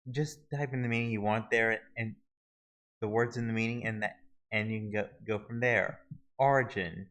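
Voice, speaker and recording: A man walking viewers through a website search tool in a halting, casual screen-recorded tutorial, often restarting his sentences. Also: mid-range voice, a bit bright, rough recording. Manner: halting, many restarts and fillers. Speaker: video tutorial host.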